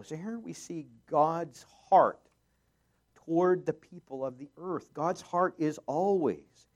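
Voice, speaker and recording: A man's voice: fairly high pitch, takes it slowly. Man preaching a verse-by-verse sermon. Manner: reads scripture aloud with rising force, jokes lightly, many fillers. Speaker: pastor.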